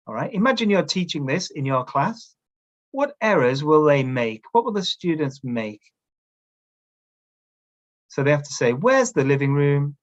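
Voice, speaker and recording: Man coaching teachers, dull lo-fi sound. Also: a little high. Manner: coaching tone, keeps checking in with "all right?". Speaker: teacher trainer presenting a workshop. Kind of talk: instructional webinar talk. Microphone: video call camera setup.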